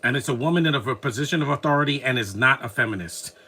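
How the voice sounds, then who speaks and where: A man's voice: mid-range voice, very fast, sharp tone, breathy edge. A man giving casual, opinionated commentary while watching a film, rambling and restarting his sentences.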